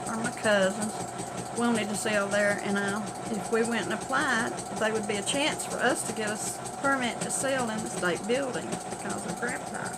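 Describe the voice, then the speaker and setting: Gravelly older woman telling family stories. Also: fairly high pitch, moderate pace. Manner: folksy, animated in quotes, laughs. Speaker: family storyteller. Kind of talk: casual oral storytelling. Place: home sewing room. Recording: noisy, sewing machine hum.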